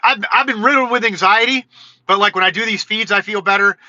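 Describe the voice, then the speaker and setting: Man, high bright voice, rambling livestream chat, dry slightly muffled audio. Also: a little fast, no room sound. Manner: rambling and excitable, peppered with "dude" and "bro". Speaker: livestream host.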